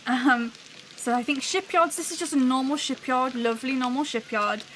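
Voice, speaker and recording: A woman's voice: sits high, fairly bright tone, slight background noise, low-quality recording. A woman hosting a livestream, chatting and thinking aloud as she builds a soundscape. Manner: chatty, musing, talks to live chat. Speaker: show host building a soundscape live.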